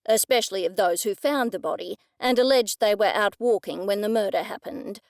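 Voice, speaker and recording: A woman's voice: mid-range voice, a little fast, creaky, no echo, natural voice. A woman narrator voicing a stern middle-aged male police detective, probing and accusing in a dry manner.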